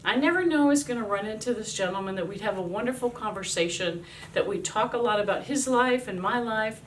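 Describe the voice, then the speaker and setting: A woman in her fifties, an army chaplain, telling a devotional story in a lively way and acting out the voices she quotes. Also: mid-range voice, fairly quick, far from the mic, a little hiss or hum.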